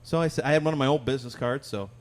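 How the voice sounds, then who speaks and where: A man's voice: medium pitch, racing. Guy cohosting a podcast, chatty and rambly, keeps laughing through his story. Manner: rambling, animated storyteller who laughs often. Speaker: podcast co-host, singer-songwriter. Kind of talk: casual storytelling chat.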